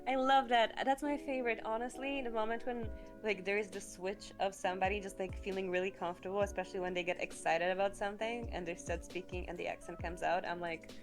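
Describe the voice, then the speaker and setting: A woman's voice: medium pitch, steady tone, quick pace, hardly any pauses. A woman chatting casually on an art stream, enthusiastic and rambling, with a lot of "like" in her talk. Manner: enthusiastic, rambling, heavy use of "like". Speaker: co-host streamer. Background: faint background music.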